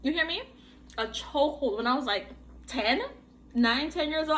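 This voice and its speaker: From her home bedroom workstation, a podcast host vlogs an unboxing, chatting casually to the camera in a high-pitched voice at normal speed with frequent pauses. She gushes and exclaims excitedly, with a little hiss or hum in the background.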